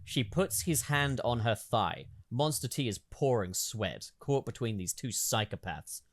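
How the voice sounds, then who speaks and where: A man's voice: medium pitch, expressive, measured pace. Guy reading a script for laughs, jokey and swearing, voice jumps all over. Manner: joking, swears, laughs a lot. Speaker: host.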